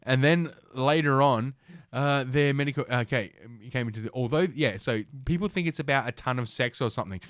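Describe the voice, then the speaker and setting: A man's voice: mid-range voice, fairly quick, fairly bright tone, clear, resonant tone, dry recording, studio quality. A man hosting a podcast, reading an article aloud and mocking it in crude, profane asides. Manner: crude, mocking, swears often, laughs at own jokes. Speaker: podcast host. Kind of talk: casual commentary while reading an article aloud.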